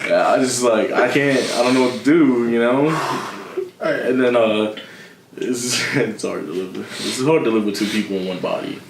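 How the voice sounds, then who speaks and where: A young man spins a story in a loose, slangy way, breaking into laughs and taking on the voices of the people in it. His voice sits at a middle pitch and rings around an echoey room, with a faint hiss under it. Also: moderate pace, gravelly. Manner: laughing often, slangy, acting out voices of others. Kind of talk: casual storytelling chat.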